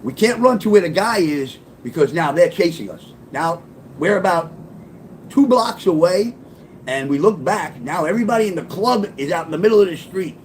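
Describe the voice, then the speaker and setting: A man's voice: high-pitched, expressive, moderate pace, slight background noise. A man telling a personal story in a casual, profane, punchy street-talk way. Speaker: storyteller and author.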